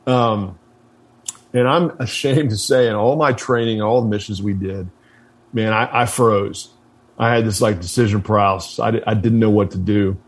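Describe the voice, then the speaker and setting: A man's voice: fairly low pitch, steady tone, normal speed. A man, a military veteran, telling a war story in a blunt, casual way, swearing freely and restarting his sentences often.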